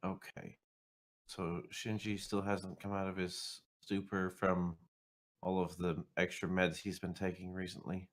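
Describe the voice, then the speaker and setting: Man, low voice, roleplay player, dry wry delivery. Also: flat delivery, measured pace. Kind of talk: in-character roleplay chat.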